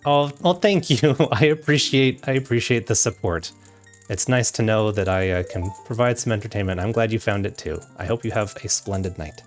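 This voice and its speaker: A young man with a fairly low voice chats casually on a game stream. He rambles in a warm, chatty way between play. There is faint music behind him. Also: moderate pace.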